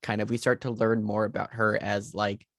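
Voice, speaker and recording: A man's voice: lowish voice, level tone, moderate pace, vocal fry, fairly bright tone, no room sound, clean studio sound. A man co-hosting a podcast in casual movie chat, rambling through ideas with lots of fillers. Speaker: podcast co-host.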